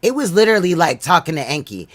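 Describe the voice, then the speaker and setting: A man's voice: high voice, big pitch swings, quick pace, a bit bright. A man hosting a livestream panel, talking loosely and laughing as he tells stories in slangy casual chat.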